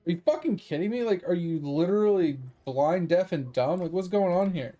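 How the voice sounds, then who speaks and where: High-voiced man ranting over gameplay. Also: animated, brisk, dark tone, soft background music. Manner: frustrated ranting, swearing, laughing it off. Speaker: gaming streamer. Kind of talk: live-stream venting while playing.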